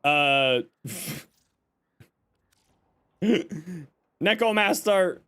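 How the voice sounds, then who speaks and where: Male streamer from Canada, casual chat, joking, exasperated, fairly high voice. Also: expressive, drawn-out words, a bit bright, smooth.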